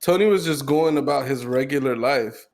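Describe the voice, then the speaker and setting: This podcast co-host has a mid-range, slightly mellow voice and speaks at a moderate pace. He keeps things casual, chatting and teasing his friend.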